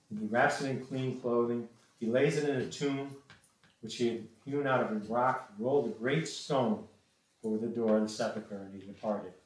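Recorded from a distant mic in an echoey room, a man with a fairly low voice preaches a sermon and reads scripture, with slight background noise. He hesitates often, repeating words and saying "um."

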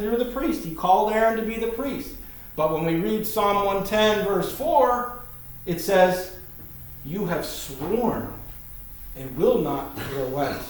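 A man teaching a Bible sermon in a conversational, emphatic manner. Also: sits high. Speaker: preacher. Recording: very echoey room, mic far off.

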